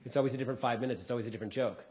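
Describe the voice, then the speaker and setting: Comedian guy chatting to a live crowd, jumps way up when he acts out other people, then goes low and quiet. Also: rapid-fire. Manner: animated, acts out people's lines with big jumps in pitch; drops to a quieter, lower voice for asides. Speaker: comedian giving a talk. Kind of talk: casual talk to a live audience.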